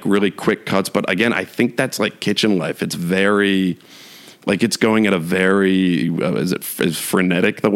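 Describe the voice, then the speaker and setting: A young man with a lowish voice talks off the cuff. He rambles through a mock-exasperated rant, stacking fillers and restarting sentences with a laugh never far off. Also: creaky. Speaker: podcast host. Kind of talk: casual solo chat.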